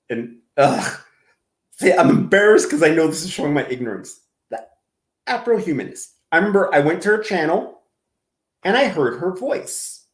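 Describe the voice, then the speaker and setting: A man's voice: fairly high pitch, reverberant. A man hosting casual commentary, rambling and self-deprecating, laughing often as he tells stories. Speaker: commentary channel host.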